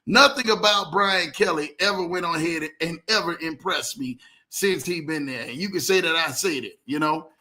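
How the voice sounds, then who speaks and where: A man hosting a casual livestream, animated, greeting viewers by name and telling stories in loose slang. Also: fairly high pitch, normal speed. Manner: animated, reads out viewer comments, Southern US slang. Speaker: livestream host.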